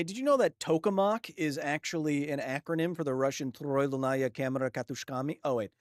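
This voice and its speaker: The voice is mid-range and the recording dry with clean studio sound, though loud game gunfire and ambience run behind it. A man streams a video game live, yelping at enemies in surprise and explaining science at length to his chat.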